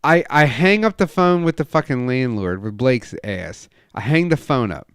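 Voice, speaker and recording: A young man on a casual podcast, telling a heated story full of swearing and acting out quoted lines loudly. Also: normal speed, smooth, dry recording, studio quality. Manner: profane, animated storytelling, acts out quotes with loud raised pitch. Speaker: podcast co-host.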